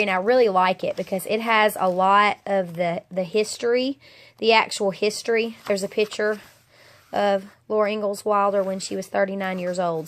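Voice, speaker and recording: A woman in her forties with a stuffy head cold, chatting casually as she shows her home and rambles with a few ums. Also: mid-range voice. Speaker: homeschooling mom vlogger. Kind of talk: casual home-tour chat. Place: her own house, indoors.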